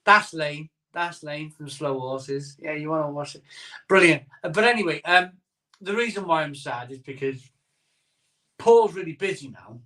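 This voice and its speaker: Chuckling often, a middle-aged live-streamer trades jokes and stories while reading out what viewers comment, keeping the talk casual. His voice is on the high side with a sharp tone.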